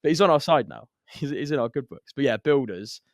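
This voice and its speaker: A man's voice: medium pitch, expressive, a little fast, no echo, studio quality. A man co-hosting a property podcast from England, telling site stories in casual chat and laughing often. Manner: laughing storyteller, acts out quotes loudly. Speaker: podcast co-host.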